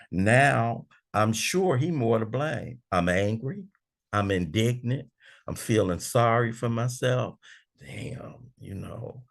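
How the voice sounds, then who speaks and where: Gravelly older man leading a big book study. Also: mid-range voice. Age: 60s. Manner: preacherly, acting out his own arguments. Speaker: recovery meeting speaker.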